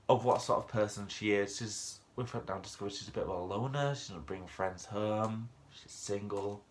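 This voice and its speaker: A man's voice: lowish voice, a bit bright. A man giving a casual, unscripted review of a TV episode, chatty and rambling, with lots of fillers and restarts.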